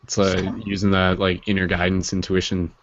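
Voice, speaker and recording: A man's voice: deep voice, completely flat delivery, normal speed, dull audio. A man hosting a casual group call, reassuring and easygoing.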